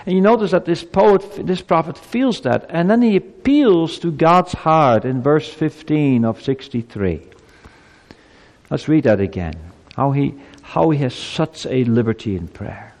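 A man's voice: on the high side, lively intonation, a little slow, darkish tone. A man preaching a sermon to a congregation, emphatic, with rhetorical questions and stammered repeats. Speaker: pastor. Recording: long hall reverb.

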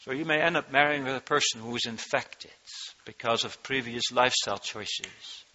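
A man preaching an earnest sermon, his voice rising in pitch and force when he reads from scripture. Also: moderate pace, bright, forceful tone, highs cut off. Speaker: pastor.

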